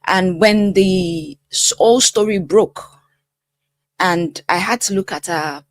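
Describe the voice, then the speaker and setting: A middle-aged woman hosting her own channel as a life coach, talking straight to viewers in an expressive, emphatic way. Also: lowish voice, slow, no echo. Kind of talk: casual commentary to camera.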